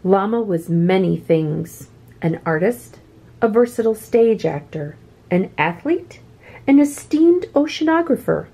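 A woman reading a children's picture book aloud with expressive, swooping delivery. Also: medium pitch, a little slow, vocal fry, slightly rough. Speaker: children's story reader.

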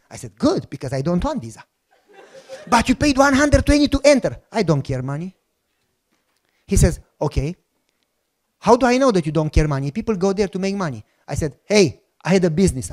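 Middle-aged pastor guy, kinda high voice, acts out the back and forth, goes quiet and low sometimes. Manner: animated storyteller, acts out dialogue; drops to a soft low voice at moments. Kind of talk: sermon testimony.

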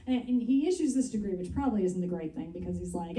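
Woman pastor, sermon delivery, mellow dark tone, miked from a distance. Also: medium pitch, animated, fast talker. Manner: earnest, conversational preaching with Bible readings. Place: church sanctuary. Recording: roomy sound from a distance.

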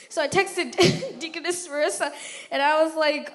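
A young adult woman giving a casual, animated church testimony, retelling events and acting out quoted voices. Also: high voice, brisk.

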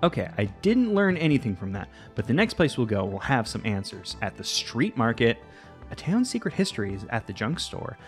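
Lively, rambling let's-play man. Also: mid-range voice, brisk, soft background music. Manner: rambling, chatty, swears casually. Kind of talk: casual game commentary.

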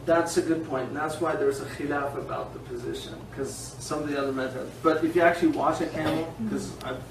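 A man with a high-pitched voice teaches a class in an informal, animated way, wandering off on tangents and laughing as he goes. He is recorded from a distance in a reverberant room, with a faint hiss behind him. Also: brisk, vocal fry. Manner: animated, digressive, laughs often. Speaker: teacher of Islamic law.

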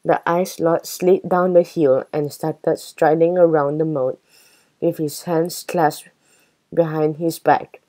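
Slow, low-voiced woman reading a storybook. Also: level tone, warm tone, low-quality recording. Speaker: storybook reader. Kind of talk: reading a children's chapter book aloud.

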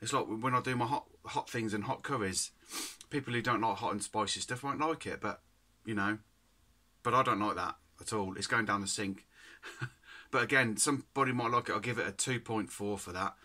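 A man's voice: fairly low pitch, fairly quick, pushed and bright. A man, chatting casually to camera as a food reviewer, giggly and rambling with lots of "anyway". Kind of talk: casual chat.

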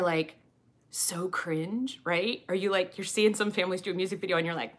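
A woman's voice: lowish voice, fairly even intonation, a little fast, fairly bright tone. A woman hosting a doll review channel, chatting casually and goofily while she unboxes a doll and answers viewer questions.

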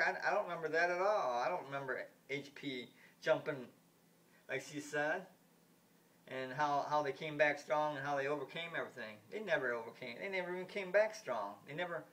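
A male vlogger airs political opinions in a rambling, casual monologue, his voice high-ish, brisk and a bit bright, recorded far from the mic. He's blunt and indignant, repeats himself, stumbles through many restarts, and swears now and then.

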